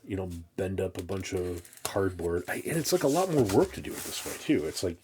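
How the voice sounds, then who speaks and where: A very animated man with a low voice chats through unboxing a comic shipment amid background noise. As a collector vlogger, he rambles and halts with frequent restarts, exasperated and making fun of himself.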